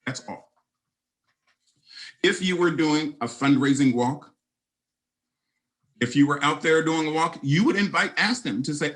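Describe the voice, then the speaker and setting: Animated man giving a keynote, lively pitch. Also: moderate pace, long pauses, poor audio. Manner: animated storyteller, speaks straight to the audience. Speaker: keynote speaker. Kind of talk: conference keynote storytelling.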